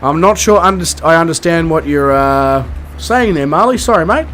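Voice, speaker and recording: A man's voice: on the high side, expressive, moderate pace, fairly bright tone, a little hiss or hum. A man with an Australian accent, streaming a flight game and chatting casually with his viewers in a rambling, self-mocking way. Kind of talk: casual chat with live viewers.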